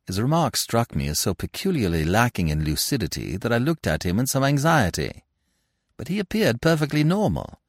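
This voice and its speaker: A man narrating a classic novel in the first person as an audiobook, in a measured storytelling manner. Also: low-pitched, very animated, dry recording, clean studio sound. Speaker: podcast narrator.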